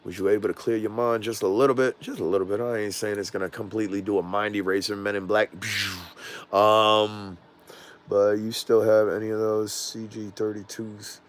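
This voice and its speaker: A man's voice: on the low side, flat delivery, normal speed. A middle-aged man with a Southern US accent, hosting a casual drone livestream in a loose, rambling way with frequent laughs. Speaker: drone channel host.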